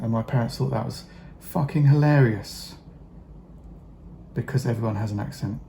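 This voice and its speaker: A man's voice: medium pitch, fairly even intonation, measured pace, vocal fry, pauses often, dark tone, a little hiss or hum. A middle-aged man chatting casually while he paints miniatures, rambling with many fillers, wry asides and the odd swear word. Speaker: hobby vlogger painting miniatures.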